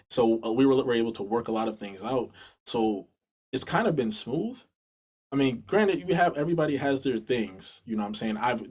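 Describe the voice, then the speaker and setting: A man, a musician guest in an interview, talking earnestly and rambling over a video call. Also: fairly low pitch. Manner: earnest, rambling with restarts and laughs. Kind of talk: casual interview talk.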